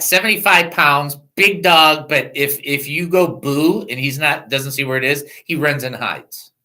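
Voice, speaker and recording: A man's voice: medium pitch, poor audio. A man hosting a Christian call-in radio talk show, joking and laughing as he talks from a studio microphone. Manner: animated, laughing, joking asides.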